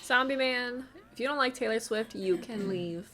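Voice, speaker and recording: A woman's voice: a little high, moderate pace, bright, forceful tone. A young adult woman streaming, chatting casually with her chat and laughing often between remarks.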